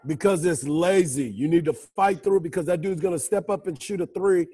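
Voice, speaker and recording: A man's voice: high voice, normal speed, warm tone, slightly rough, no echo. Blunt, matter-of-fact sports-chat man. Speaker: podcast co-host.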